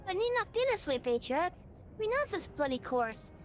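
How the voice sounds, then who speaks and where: A woman voicing an earnest young envoy in a video game cutscene, calm and persuasive. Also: extremely high pitch, moderate pace. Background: faint music score.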